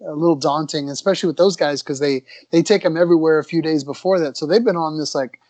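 Chatty man with a slightly high voice. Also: fast talker, dry recording. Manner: relaxed, chatty, with restarts. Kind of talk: casual anecdote telling.

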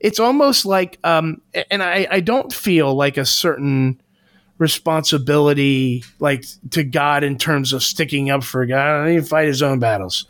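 A man with a fairly high voice, talking earnestly in a casual podcast chat. He often restarts while he searches for the right words. The recording is close and dry, with no room sound. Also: normal speed, fairly bright tone, no room sound. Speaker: podcast co-host.

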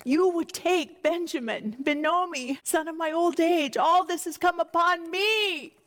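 A woman's voice: very high voice, a little slow, fairly bright tone, voice pushed up. A woman reading the part of a grief-stricken aging father lamenting his lost sons in a Bible lesson. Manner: anguished, self-pitying.

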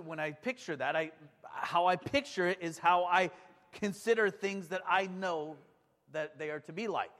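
A man's voice: sits high, fairly bright tone, in a large hall. A man preaching a sermon in a conversational and enthusiastic way, often putting questions to his congregation. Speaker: pastor.

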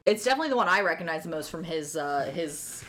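Woman co-host with deadpan jabs. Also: low-pitched. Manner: playful, quick deadpan jabs. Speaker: podcast co-host. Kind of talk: casual chat.

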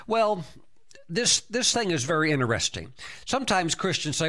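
A man's voice: fairly high pitch, sing-song, normal speed, bright, forceful tone. A man preaching a sermon, emphatic, breaking into exclamations of praise and often repeating and restarting his words.

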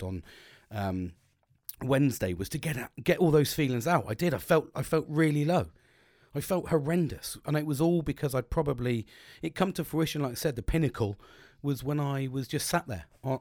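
A man's voice: mid-range voice, darkish tone, dry recording, clean studio sound. A man hosting a podcast, talking casually, swearing a lot and rambling with restarts. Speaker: podcast host.

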